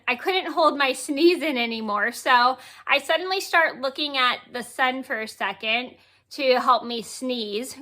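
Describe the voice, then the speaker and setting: Late-20s woman vlogger, high bright voice, rambling casual story, frequent self-corrections and giggles. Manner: rambling, repeats words and corrects herself; giggles while telling the story.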